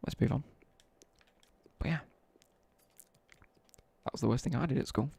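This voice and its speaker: A young man from the English Midlands tells rambling school stories in casual slang while streaming a game. His voice is heavily gravelly and rough, with a husky edge. The sound is dry and close. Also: medium pitch, moderate pace, mellow, no room sound. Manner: rambling slangy storytelling, chatting to viewers. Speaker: live streamer. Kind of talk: casual chat while gaming.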